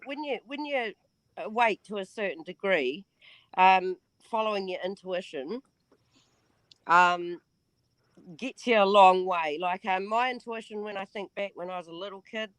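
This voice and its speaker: A woman's voice: mid-range voice, measured pace, dry recording. A woman with a New Zealand accent chatting as a guest on a video call, hesitant and full of ums. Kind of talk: casual chat as guest.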